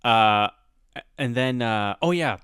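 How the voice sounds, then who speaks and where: Podcast host, male, casual animated storyteller, laughs a lot, mid-pitched voice, dry close sound. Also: takes it slowly, clean tone, no room sound. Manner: animated, laughs often, acts out quoted voices. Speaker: teacher.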